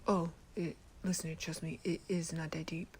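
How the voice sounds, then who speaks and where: A woman's voice: low-pitched, level tone, normal speed, slight background noise, lightly acted. Killua, a sleepy protective boy, whispered by a woman. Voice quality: soft whisper. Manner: gentle, laid-back, hesitant. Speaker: ASMR creator. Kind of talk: whispered role-play.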